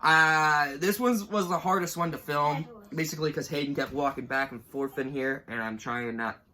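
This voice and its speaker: A man's voice: on the high side, fairly even intonation, moderate pace, pushed and bright. A man in his twenties talking through a ranked list in a casual vlog, rambling and emotional, fighting back tears now and then. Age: 20s. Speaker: YouTuber ranking cartoon moments.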